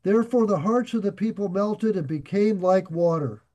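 High, mellow-voiced male preacher. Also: normal speed, lo-fi sound. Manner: reads scripture and paraphrases it in plain everyday words. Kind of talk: Bible teaching sermon.

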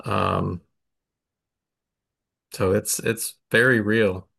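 A man joining a group discussion, speaking in a slow, halting way. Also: on the low side, steady tone, gravelly, fairly bright tone, breathy edge. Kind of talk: casual discussion.

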